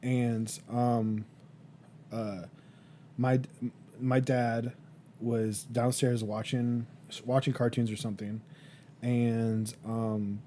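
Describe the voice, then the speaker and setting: A man's voice: mid-range voice, flat delivery, takes it slowly, pauses often, warm tone, a little hiss or hum. A young man co-hosting a podcast, chatting casually and telling stories with many fillers and restarts. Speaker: podcast co-host. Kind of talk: casual chat.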